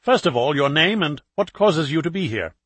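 An eager TV reporter with brisk, probing questions, voiced a few notes higher and a touch louder than the reader's own voice, as a male narrator puts the reporter on. The sound is dry and close to the mic. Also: lively intonation, husky, no room sound. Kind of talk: audiobook character voice.

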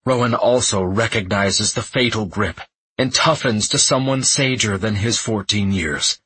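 A man narrating a fantasy audiobook in the first person, tense and measured. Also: on the low side, pushed and bright, a little hiss or hum, rough recording.

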